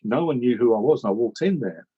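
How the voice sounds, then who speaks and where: Casual male storyteller from England, husky, rambling and animated, muffled call audio. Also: mid-range voice, fast talker. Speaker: regular commentator recalling how he joined. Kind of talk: casual chat.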